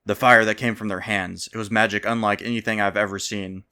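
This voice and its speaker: A man voicing a defiant, hardened bandit leader who speaks forcefully. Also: fairly low pitch, level tone, fairly quick, clear, resonant tone.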